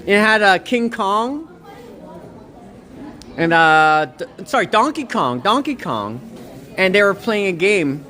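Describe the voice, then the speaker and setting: Brief: woman streamer, gushy and rambling, big swooping pitch, walking outside with a phone. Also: takes it slowly, pauses often, some chatter behind. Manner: excitable, gushing, rambling. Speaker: livestreamer. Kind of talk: walking livestream, reading chat. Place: outdoors on a snowy town walk.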